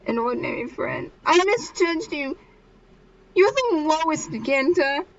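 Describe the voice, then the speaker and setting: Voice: high-pitched, sing-song, unhurried, voice pushed up, exaggerated voice. A reader voicing a heartbroken teenage schoolgirl lashing out in a tearful outburst, in a muffled recording. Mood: hurt, angry. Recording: muffled with faint hiss.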